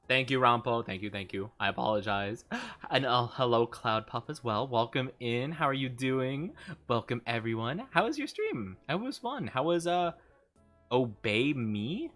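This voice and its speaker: A man's voice: mid-range voice, fairly bright tone. A young man streaming a game and chatting casually with viewers, upbeat and chatty. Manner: upbeat, chatty, greets viewers, often laughs. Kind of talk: casual live-stream chat.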